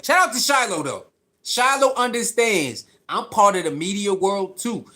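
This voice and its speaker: A man's voice: high-pitched, expressive, moderate pace, bright, forceful tone. A man hosting a heated solo sports rant, exasperated and scolding, often mocking his critics. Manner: ranting, exasperated, mocks critics in put-on voices. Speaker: sports commentary host.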